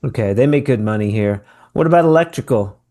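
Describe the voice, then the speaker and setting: A man's voice: medium pitch, expressive, a little fast, mellow. A man from the United States hosting a podcast, easygoing and joking, repeating his guest's answers back. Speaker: podcast host. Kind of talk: casual interview chat.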